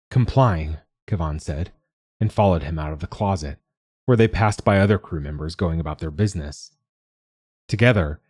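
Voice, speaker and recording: A man narrating a short story in a steady, measured reading. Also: deep voice, husky, no room sound. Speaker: podcast narrator.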